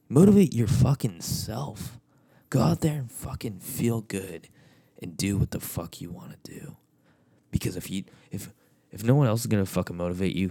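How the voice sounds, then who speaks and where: A man's voice: mid-range voice, dark tone. A man giving a blunt, profane motivational rant, swearing constantly and repeating himself.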